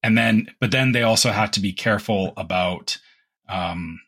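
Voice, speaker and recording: A man co-hosting a podcast in casual chat, with a deep radio-announcer voice, rambling and restarting his sentences. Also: normal speed, a bit bright, slightly rough. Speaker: podcast co-host.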